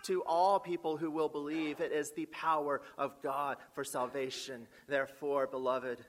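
A man preaching a sermon as pastor, measured and emphatic, building lists of repeated phrases and asking the congregation rhetorical questions. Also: on the high side, level tone, slight background noise.

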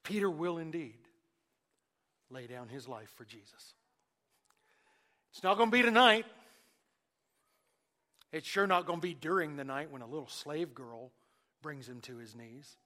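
Dynamic male preacher, higher voice. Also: animated, unhurried, pauses often. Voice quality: acts out quoted speech of Jesus and Peter. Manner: dynamic, swings between loud emphasis and hushed asides. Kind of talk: sermon.

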